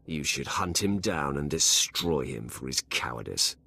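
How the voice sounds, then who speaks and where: A menacing Sith warrior, with a voice that sits extremely low and carries a husky grain. His delivery swings widely in pitch as he taunts his foes coldly. He sounds like a dark video game villain. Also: animated, unhurried, heavily acted. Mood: cold taunting. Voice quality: very deep, husky. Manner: cold, taunting. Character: menacing male Sith warrior, cold and commanding.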